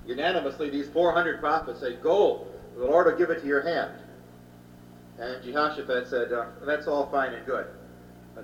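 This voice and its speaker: A man with a slightly raised voice teaches scripture in a loose, storytelling way, full of pauses and filler sounds. He sits far from the microphone in a roomy hall. The recording is dull and carries a faint hum. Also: a little high. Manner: plain storytelling, retelling scripture in everyday speech with frequent uh. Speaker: Bible teacher. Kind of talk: Bible lecture.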